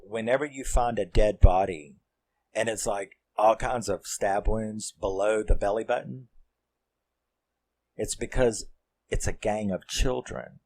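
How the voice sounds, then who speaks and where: A man's voice: lowish voice, darkish tone. Profane fired-up man recapping a film. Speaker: horror movie reviewer. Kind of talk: casual spoken film recap.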